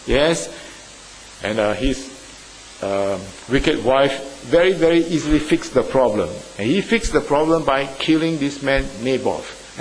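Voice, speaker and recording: A male preacher delivers a sermon with emphatic swings between loud, stressed phrases and hushed asides. His mid-pitched voice rings out with a long hall reverb, and a faint hiss sits under the recording.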